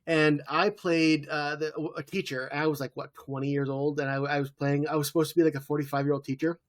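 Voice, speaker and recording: Animated man in his thirties recapping. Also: a little high, a little fast. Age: 30s. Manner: lively storytelling, acting out quoted lines. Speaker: podcast co-host. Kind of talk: casual chat recapping a TV episode.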